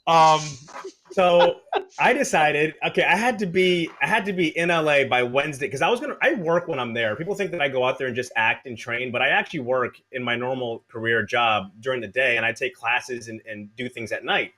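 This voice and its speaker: A man, a podcast guest, telling an exaggerated road-trip story in casual, animated chat. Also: mid-range voice, fairly quick.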